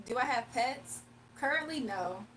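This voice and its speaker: Young woman, Southern accent, slightly high voice, chatty, laughs a lot, livestream, mic a bit distant with faint room noise. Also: animated, unhurried, a bit bright. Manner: chatty, laughs often, drawling slang. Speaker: livestreamer and spiritual reader. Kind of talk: casual livestream chat, reading comments aloud. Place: home room.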